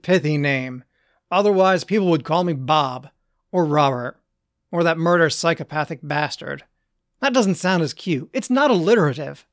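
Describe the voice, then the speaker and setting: A narrator voicing a calm, chatty male serial killer who talks in a dry, matter-of-fact way. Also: mid-range voice, no echo, natural voice. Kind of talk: dark comic monologue.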